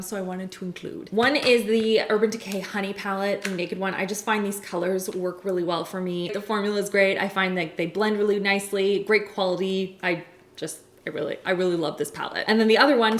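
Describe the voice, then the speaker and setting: A woman's voice: medium pitch, echoey room, a little hiss or hum. A woman in her thirties chatting enthusiastically about beauty products at home, laughing often. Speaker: beauty vlogger. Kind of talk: casual product review.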